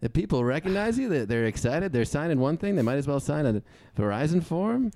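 A man's voice: a little high, very animated, brisk, dark tone, no room sound. A man improvising as an upbeat sales boss who keeps praising his staff, chummy and overly encouraging. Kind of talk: improvised comedy scene.

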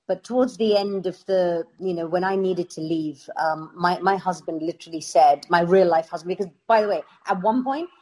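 A middle-aged British woman, an actress, telling stories in a casual interview with lively laughter. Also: fairly low pitch, moderate pace, hardly any pauses. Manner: animated storytelling with laughs. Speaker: actress guest.

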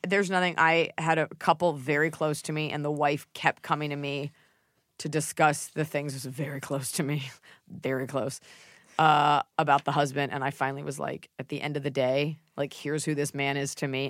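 A woman's voice: low-pitched, level tone, normal speed, dry recording, studio quality. A woman in her thirties hosting a casual advice podcast, blunt and joking, with lots of "like" in her speech. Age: 30s. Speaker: podcast host giving advice.

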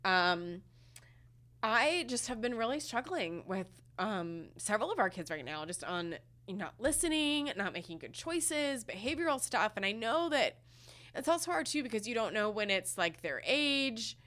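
Emotional, halting mom podcaster. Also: female voice, a little high, sing-song, a bit bright. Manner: emotional, halting, full of fillers. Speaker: podcast co-host. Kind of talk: casual podcast chat.

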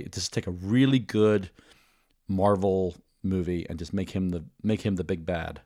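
A man's voice: low-pitched, steady tone, a little slow, dark tone. A man hosting a podcast, chatting casually and enthusiastically, rambling with many restarts. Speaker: podcast host. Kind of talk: casual chat.

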